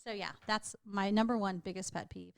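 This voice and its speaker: A woman's voice: medium pitch, normal speed, vocal fry, no echo. Chatty middle-aged woman, dry close mic. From Texas. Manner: chatty, laughs often, animated storytelling. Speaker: co-host. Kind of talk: casual chat.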